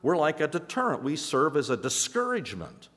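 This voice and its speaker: A male pastor preaching a sermon to his congregation in a conversational way, often restarting words and pausing for emphasis. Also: a little high, wildly swooping pitch, a bit bright, long reverb tail. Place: church sanctuary.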